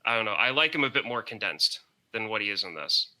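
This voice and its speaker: A man's voice: fairly low pitch, expressive, quick pace, bright, forceful tone. A man co-hosting a podcast in casual chat, rambling and hesitant, often hunting for words. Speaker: podcast co-host.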